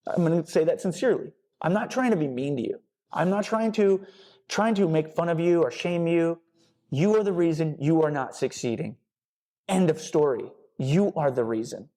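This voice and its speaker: A man in his thirties talks through a fitness podcast in a blunt, fired-up way, swearing often and hammering points by repetition. His voice sits a little high yet sounds mellow and relaxed. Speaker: podcast host and personal trainer. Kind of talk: casual motivational podcast talk.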